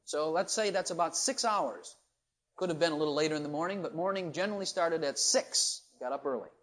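A man preaching a sermon, shifting from low, quiet asides to loud, rising questions to the congregation.

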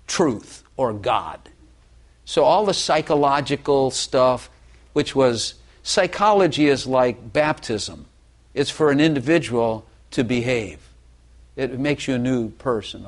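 An older man speaks in a plain, mid-pitched voice as he gives a personal testimony. He is earnest and self-deprecating. He often stops and restarts his phrases. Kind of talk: confessional testimony talk.

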